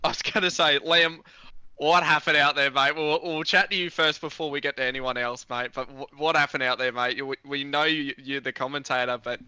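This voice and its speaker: Man, stream co-host, very bright forceful voice, smooth, says mate a lot. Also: fairly high pitch, steady tone, fairly quick, dry recording. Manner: matey, says "mate" constantly, teasing. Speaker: esports race co-host. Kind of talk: casual live-stream interview chat.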